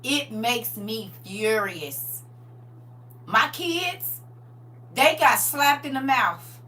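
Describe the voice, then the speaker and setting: A woman's voice: fairly high pitch, lively intonation, extremely slow, bright, forceful tone. A middle-aged woman hosting a livestream, chatting casually and emphatically and laughing often. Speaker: livestream host. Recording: distant mic with faint hum.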